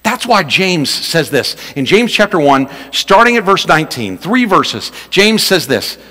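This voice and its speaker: A man preaching a sermon as pastor, telling a story in an animated way and acting out shouts in a raised voice. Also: a little slow, in a large hall. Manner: animated, acts out shouts and quotes in a high voice.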